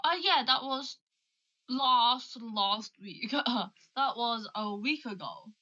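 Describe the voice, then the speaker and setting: Bright young British woman livestream host. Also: on the high side, slow pace, muffled recording. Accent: British English. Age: young adult. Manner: lively, plays with voices when giving accent examples. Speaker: livestream host chatting with callers. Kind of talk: casual chat, switching between English and Mandarin.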